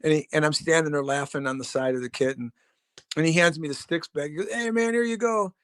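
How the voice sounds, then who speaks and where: A man's voice: on the high side, fairly even intonation, quick pace, no echo. A middle-aged man, a drummer and podcast guest, telling stories casually in a rambling, profane, laid-back way with lots of fillers. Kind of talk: casual storytelling.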